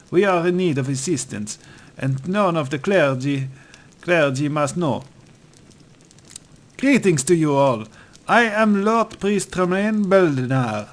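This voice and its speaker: A man doing a grave, gravelly high priest. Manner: solemn, formal. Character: grave, proud older male high priest.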